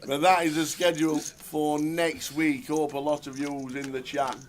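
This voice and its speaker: A man's voice: a little high, normal speed, a little hiss or hum. Chatty man commentating poker. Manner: chatty, relaxed, banters with co-host. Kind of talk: live poker commentary, casual chat.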